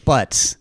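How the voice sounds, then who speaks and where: A man's voice: dry recording, studio quality. A man co-hosting a podcast in casual chat, rambling and enthusiastic, laughing often. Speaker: podcast co-host.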